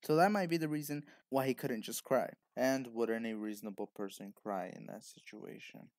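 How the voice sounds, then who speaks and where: A man speaks straight into the mic in a blunt, lecturing tone, addressing the viewer as he argues his point. His pitch sits in an ordinary middle range. The recording is close and completely dry, with no room sound around him. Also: moderate pace, darkish tone, no echo. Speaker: video essayist. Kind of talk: opinionated commentary monologue.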